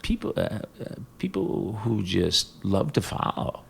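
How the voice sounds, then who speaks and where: Older male guest, deep and gravelly, warm anecdotal storyteller. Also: big pitch swings. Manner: storytelling, reflective, halting with fillers. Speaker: guest, business executive. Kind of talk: casual interview conversation.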